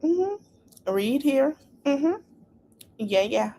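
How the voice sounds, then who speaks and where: A woman's voice: high-pitched, animated, very slow, dark tone, slight background noise. A woman hosting a casual livestream podcast, chatting straight to her viewers with plenty of asides. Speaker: podcast host.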